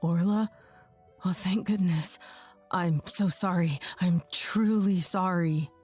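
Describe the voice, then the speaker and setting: A woman's voice: on the low side, takes it slowly, a little mellow, husky, faint music behind. A woman voicing an earnest, remorseful young husband. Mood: tearful. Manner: earnest, apologetic.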